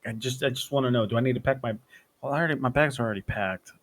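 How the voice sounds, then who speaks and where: A man's voice: medium pitch, racing. A man playing a tabletop role-playing game, speaking in character in a teasing, playful way.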